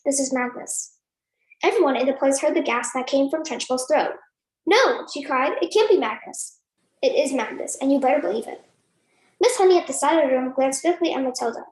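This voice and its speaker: A woman giving a dramatic reading of a novel passage, jumping into shrill voices for shouted lines. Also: reverberant, low-quality recording. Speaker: student performer.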